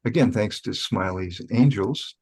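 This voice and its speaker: Man, gravelly husky voice, casual rambling chat, low pitch. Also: unhurried, darkish tone, no echo, rough recording. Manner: laid-back, rambling with fillers. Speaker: home cannabis grower guest.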